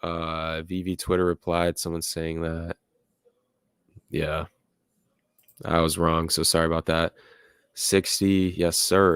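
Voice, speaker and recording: A young man with a low, deep voice hosts a casual livestream, reading viewer comments and chatting loosely with plenty of "like" and "uh". The recording is dry and close, with little room sound. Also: little pitch movement, slow pace, long pauses, fairly bright tone, smooth, no echo. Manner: rambling, filler-heavy, laughs at chat comments. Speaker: livestream host reading chat. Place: home room with music playing nearby.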